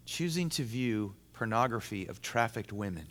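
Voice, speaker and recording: A man preaching a sermon to a men's gathering, emphatic and repetitive, moving between loud, rising passages and hushed, intense ones. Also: fairly low pitch, lively intonation, normal speed. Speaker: pastor. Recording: long hall reverb.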